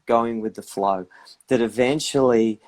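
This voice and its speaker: A man's voice: mid-range voice, a little slow, darkish tone. A man giving reflective advice in a casual live chat, often acting out inner voices. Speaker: guest practitioner.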